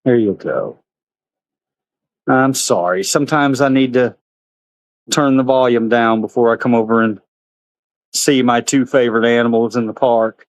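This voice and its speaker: A man's voice: a little slow, pauses often, no echo. A man, chatting casually on a handheld camera vlog outdoors at an animal park, talking to the animals. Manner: chatty, talks to animals in a high sing-song. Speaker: vlogger.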